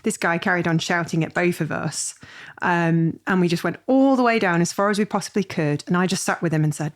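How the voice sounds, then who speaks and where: A woman hosting a podcast, chatting in a lively way and telling a personal story with plenty of fillers. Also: lowish voice, moderate pace. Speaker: podcast host. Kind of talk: podcast interview conversation.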